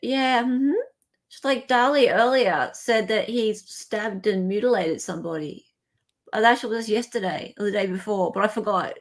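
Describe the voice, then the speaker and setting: A woman with an Australian accent hosting a casual live stream, chatting and joking with quick asides. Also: medium pitch. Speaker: livestream host.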